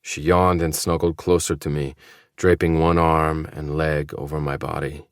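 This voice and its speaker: A man narrates a first-person audiobook in a very deep, low voice. His reading is measured, low-key and intimate. The sound is close and completely dry. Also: flat delivery, smooth, no echo.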